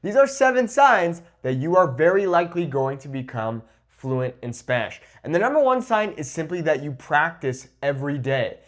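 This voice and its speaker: A man with a voice a little higher than usual talks through his tips as a Spanish teacher. His delivery is informal and lively, and he keeps checking in with short "okay?" and "right?" asides. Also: normal speed, hardly any pauses. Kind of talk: conversational teaching to camera.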